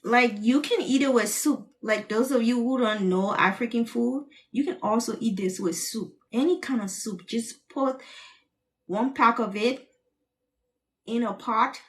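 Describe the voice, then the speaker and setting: A woman's voice: medium pitch, distant mic. A woman from Liberia chatting casually while cooking, teary-eyed and sighing from cutting onions as she greets viewers. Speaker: cooking channel host.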